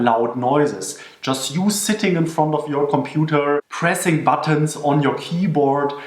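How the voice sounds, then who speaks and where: A man presenting workplace etiquette tips in an earnest instructional manner, slowing down to repeat his key advice. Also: a little high. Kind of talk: instructional talk to camera. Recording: echoey room.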